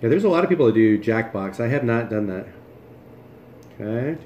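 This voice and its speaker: A jokey man chats his way through a cooking livestream, talking while he moves things around and eats. His voice sits at an ordinary middle pitch. The room rings back around him, with a faint hum in the background. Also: lively intonation, a little fast, darkish tone, reverberant, dull audio. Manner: chatty, jokey, talks while moving and chewing. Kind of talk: casual livestream chat. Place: home kitchen.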